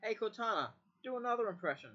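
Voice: mid-range voice, lively intonation, fast, a bit bright. A person casually giving a voice assistant commands, repeating them and muttering curses. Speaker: user testing a voice assistant. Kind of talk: casual chat with a device. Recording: dull lo-fi recording, speaker away from the mic.

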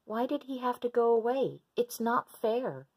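A woman's voice: on the high side, sing-song, measured pace, darkish tone, husky, pitched above the performer's own voice, full character voice. A woman voicing a sad, sulky young boy shark in a storybook reading, with a whiny, pouting delivery. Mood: upset.

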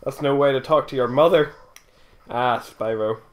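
A young man bantering over a video game, teasing his friend with deadpan insults. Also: medium pitch, moderate pace. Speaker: co-host commentating a let's play. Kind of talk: casual banter.

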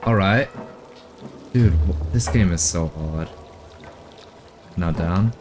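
A young man streaming live and commenting on a game as he plays. He jokes along and jumps into high, excited cries. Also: slow pace, background noise. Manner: reactive, jokey, breaks into high excited exclamations. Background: game music.

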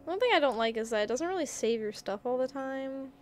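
Animated and brisk, with a high voice, a woman chats casually during a gaming live stream, reading out messages from her chat and answering them.

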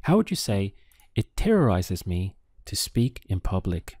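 A man giving a language lesson in a slow, deliberate way, spelling out each phrase with care. His voice sits a little low. The sound is dry and close, with no room around it. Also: big pitch swings, darkish tone, breathy edge, dry recording. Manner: slow, careful enunciation of phrases. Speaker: language teacher.

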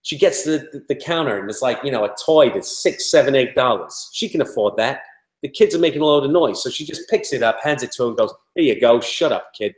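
A man's voice: mid-range voice, lively intonation, fast, reverberant, voice pushed up, lightly acted. A British man doing a put-on New York accent to voice a blunt, salesy male toy distributor. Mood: brash.

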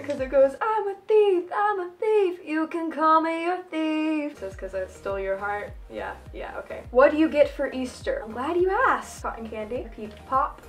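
A teenage girl chatting casually as a fan vlogger at home, answering questions and doing dares, giggly and excitable. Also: a little high. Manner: giggly and excitable, quick bursts of enthusiasm. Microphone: phone camera.

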